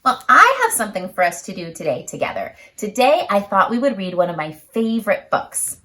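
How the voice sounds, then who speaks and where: A woman reading a picture book aloud to children, in an animated, sing-song storytelling manner. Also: medium pitch, a little fast.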